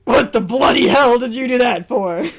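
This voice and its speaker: A woman voicing a furious young man who shouts angrily at someone. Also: on the high side, moderate pace, creaky, pitched above the performer's own voice. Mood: furious shouting.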